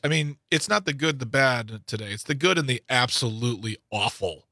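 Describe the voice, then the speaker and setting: Joking, bright-toned male radio co-host. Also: mid-range voice, animated, brisk, no room sound, clean studio sound. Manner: joking, sarcastic banter. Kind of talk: casual radio chat.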